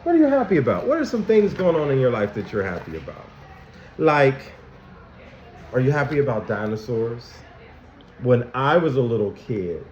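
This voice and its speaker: A man school counselor giving a lesson to young children, animated and asking them many questions. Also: medium pitch, a little hiss or hum. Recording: dull, echoey room recording.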